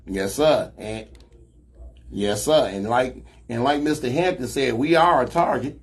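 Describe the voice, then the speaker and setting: This male host has a mid-range, slightly rough voice and a measured pace. He speaks with a Chicago Black American English accent and Southern slang, running a casual talk show in emphatic, preachy phrasing.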